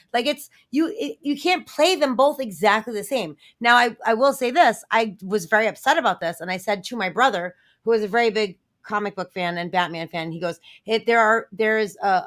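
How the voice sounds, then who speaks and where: A woman's voice: medium pitch, fairly bright tone. A woman on a live entertainment news show, ranting bluntly and swearing freely in casual chat.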